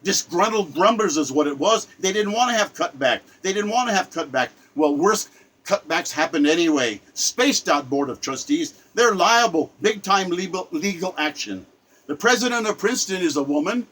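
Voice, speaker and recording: Older man, solo monologue; indignant, repetitive, stammering restarts; voice on the higher side. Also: fairly bright tone, breathy edge, low-quality recording. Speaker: self-styled poet giving a spoken commentary. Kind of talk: impassioned spoken rant.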